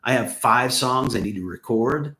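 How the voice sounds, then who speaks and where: A man's voice: mid-range voice, normal speed, bright, forceful tone, slight background noise. An American man with a Southern accent under a Los Angeles one, a channel host rambling through viewer questions with joking, self-deprecating asides, his voice getting worn from talking. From United States. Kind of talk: casual livestream chat. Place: his home. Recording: echoey room.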